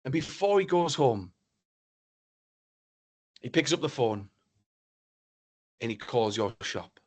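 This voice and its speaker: Animated storytelling male keynote speaker. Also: mid-range voice, slow. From northeast England. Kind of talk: motivational storytelling talk.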